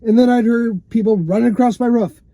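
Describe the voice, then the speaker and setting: Guy, rambling vlog monologue from a parked car, high, mellow voice, dry close sound, lots of fillers and cussing. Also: steady tone, fairly quick, no echo. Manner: loose and rambling, many fillers like "you know" and "man", swears often. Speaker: vlogger telling a personal story.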